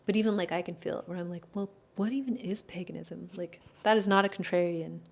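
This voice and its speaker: A woman's voice: on the low side, fast talker, gravelly, a little mellow. A woman astrologer in casual chat, answering viewer questions in a rambling, hedging way, full of fillers and self-corrections.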